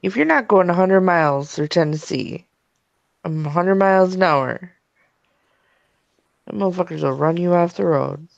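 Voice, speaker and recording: A woman's voice: on the low side, normal speed, gravelly, pauses often, dry recording. A woman chiming in with teasing, blunt remarks in a casual chat, on a dull, dry lo-fi recording.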